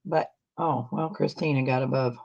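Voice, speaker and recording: A woman's voice: rumbling low, fairly even intonation, moderate pace, darkish tone, dry recording, lo-fi sound. A woman co-hosting a live sale, reading out bids and bantering in a folksy way.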